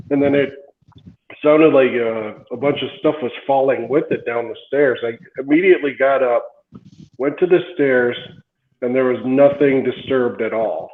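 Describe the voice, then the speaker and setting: A man's voice comes through a tinny, phone-like line in an echoey room. He is the caller on a live psychic show and recounts a strange night in a relaxed, halting way. His pitch sits in the middle. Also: slight background noise. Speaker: caller getting a reading. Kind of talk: casual storytelling. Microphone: video call.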